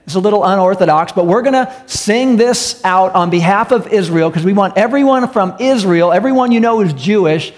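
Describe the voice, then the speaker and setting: A pastor telling a story in a sermon, animated and quoting the people in it. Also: male voice, sits high, fairly quick, few pauses. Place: church hall. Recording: echoey church hall.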